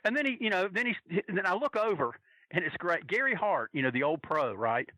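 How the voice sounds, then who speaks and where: A man on a podcast telling a long, animated, profane story with plenty of restarts. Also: high voice, fairly quick, dry recording, low-quality recording. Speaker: podcast guest telling a wrestling fan story. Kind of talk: casual storytelling.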